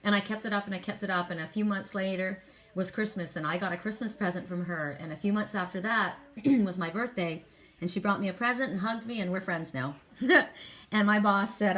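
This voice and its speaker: Reading oracle cards, a middle-aged woman talks earnestly and casually about spiritual matters, storytelling with many asides and frequent "you know"s. She speaks fairly quickly in a mid-range, slightly bright voice.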